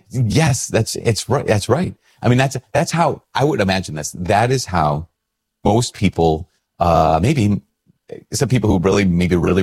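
A man's voice: low voice, darkish tone, slightly rough. A male priest in a casual, reflective talk to camera, chatty and self-deprecating as he tells a story.

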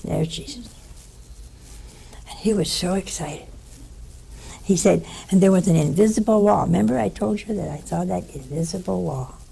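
A woman giving a conversational spiritual teaching, telling stories with lively asides to her listeners. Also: lowish voice, normal speed, creaky, slightly rough.

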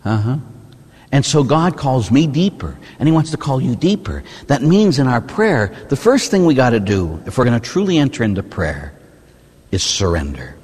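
A man, a Catholic priest, preaching a sermon in an animated, rhetorical way, often asking "huh?". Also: medium pitch, normal speed, breathy edge. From United States. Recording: reverberant hall.

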